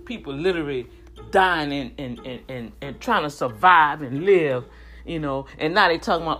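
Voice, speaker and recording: A woman's voice: low-pitched, normal speed, fairly bright tone, faint music behind. A woman in her fifties giving heated, indignant commentary straight to her viewers, often repeating words as she gets worked up. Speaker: vlogger.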